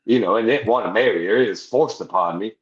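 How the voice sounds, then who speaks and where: A man's voice: on the low side, fast, a little hiss or hum. A man, a veteran guest on a podcast, telling a long rowdy anecdote with lots of swearing and laughing asides. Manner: profane, rambling anecdote with laughs. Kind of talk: casual storytelling. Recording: roomy, slightly dull sound.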